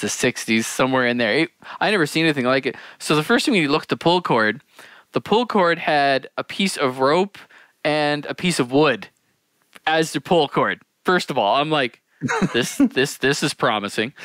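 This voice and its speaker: A man's voice: medium pitch, a bit bright, clear, resonant tone, dry recording. A man co-hosting a podcast, telling long rambling stories and laughing through them in casual chat. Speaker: podcast co-host.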